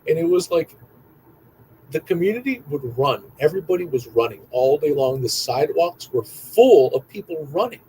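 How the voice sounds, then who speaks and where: A young man telling stories in a rambling, excitable monologue, repeating himself and swearing often. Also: fairly high pitch, normal speed, a little hiss or hum, poor audio. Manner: excitable, profane, repetitive storytelling. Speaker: vlogger.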